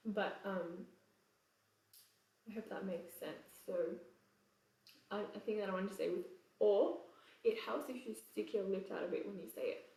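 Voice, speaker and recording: A woman with an English accent teaching choir vowel sounds in a relaxed, chatty way, breaking into sung examples. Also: mid-range voice, normal speed, gravelly, pauses often, recorded from a distance. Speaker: choir vocal coach. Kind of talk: casual singing lesson with sung examples. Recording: roomy echo, voice away from the mic.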